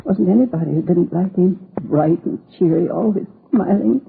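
An actress playing a gentle, grieving mother in her sixties in a 1950s radio drama, soft-spoken and halting, with a creaky, husky voice. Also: lowish voice, a little hiss or hum. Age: 60s. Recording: tinny old radio broadcast.

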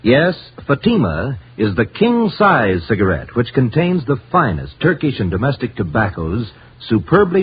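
A man reading a persuasive sales pitch on old radio. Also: highs cut off, slight background noise. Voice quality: upbeat, persuasive. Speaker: commercial announcer.

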